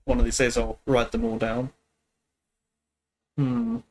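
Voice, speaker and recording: A man's voice: medium pitch, level tone, takes it slowly, a little mellow, a little hiss or hum. A man thinking aloud at a leisurely pace while working through a language exercise on a live stream, hesitant and checking himself as he goes. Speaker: streamer studying Greek.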